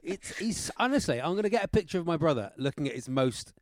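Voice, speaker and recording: A man co-hosting a podcast in casual chat, jokey and quick to laugh. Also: fairly high pitch, sing-song, no echo. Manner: jokey, laughs often, breaks into song. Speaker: podcast co-host, comedian.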